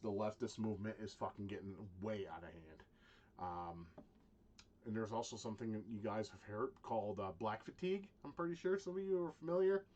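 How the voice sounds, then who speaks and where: A man ranting in a profane vlog monologue, halting with restarts and swinging from low muttering to loud shouting. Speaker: vlogger.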